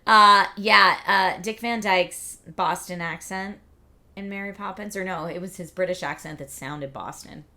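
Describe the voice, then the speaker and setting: A woman's voice: fairly low pitch, unhurried, bright, forceful tone. A woman hosting a livestream, chatting casually and reading out viewer comments in an upbeat, rambling way. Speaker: livestream host.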